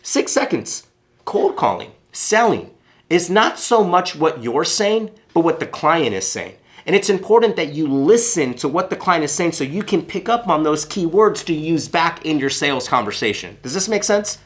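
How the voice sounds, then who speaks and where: A man's voice: fairly high pitch, sing-song, moderate pace. A man giving a sales lesson straight to his viewers. He talks in short, punchy bursts and leans hard on each point, coming back to it again and again. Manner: emphatic, punchy, repeats key points. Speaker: sales coach. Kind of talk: coaching talk to camera.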